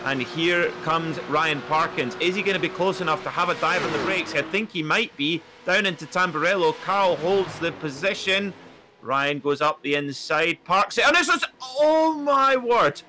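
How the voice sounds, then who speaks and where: Guy doing race commentary, bright punchy voice, gets all excited at near misses. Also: moderate pace, slight background noise. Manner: excitable, rises sharply in pitch at close moments. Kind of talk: sim racing commentary.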